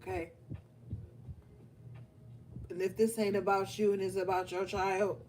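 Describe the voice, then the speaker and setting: This tarot reader's voice is medium-pitched and darkish, level in tone, a little slow, with frequent pauses. She delivers an emotional, affirming spiritual reading straight to her viewers, recorded on a distant mic with faint room noise.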